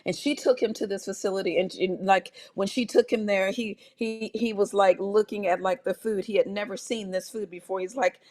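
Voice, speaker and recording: A middle-aged woman doctor telling a personal story in a health talk, animated, with many restarts and fillers. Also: mid-range voice, moderate pace, hardly any pauses.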